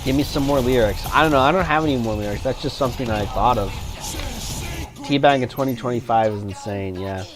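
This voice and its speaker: A man's voice: mid-range voice, a little fast, background noise. A man livestreaming a game, chatting casually and rambling between reactions to the play. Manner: rambling, many fillers and restarts, reacts to gameplay. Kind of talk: casual chat while gaming.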